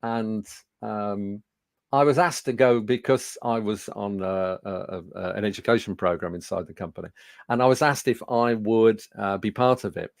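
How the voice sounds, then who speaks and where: His lowish voice, creaky and fairly even in intonation, moves at a moderate pace on a dry recording. This is a man in his sixties from Birmingham, England, a speaking coach telling a studio audience anecdotes with fillers and self-mocking humour.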